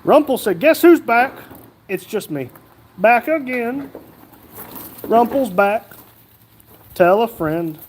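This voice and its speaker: A man's voice: sits high, animated, takes it slowly, long pauses, slight background noise. A man hosting a casual livestream, reading viewer comments aloud and joking along. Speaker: livestream host reading chat.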